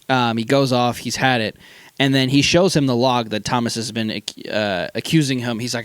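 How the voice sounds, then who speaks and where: A man's voice: medium pitch, measured pace, no room sound. Man, podcast co-host, casual rambling recap, filler-heavy, dry close sound. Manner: rambling recap with lots of fillers, acts out quoted lines. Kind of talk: casual movie review chat.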